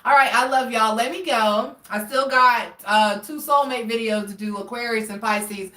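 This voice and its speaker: A woman's voice: fairly high pitch, normal speed, sharp tone, reverberant, distant mic. A woman reading tarot cards on a live stream, talking directly to her viewers and often checking in with "all right?". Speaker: tarot reader.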